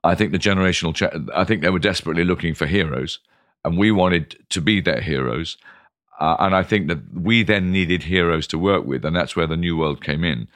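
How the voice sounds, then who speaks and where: A man speaks as a wine expert in an interview, with a low voice that often leaps up with enthusiasm. His delivery is animated and theatrical, and he acts out other people as he tells his stories. The sound is dry and close, with no room echo. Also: brisk. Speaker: wine expert and former TV presenter. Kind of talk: interview storytelling.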